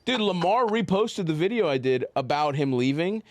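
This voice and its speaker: A man's voice: fairly high pitch, animated, moderate pace. A man from Baltimore talking as a comedian guest in a casual podcast chat, rambling, laughing often and trailing off mid-sentence. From Baltimore, USA.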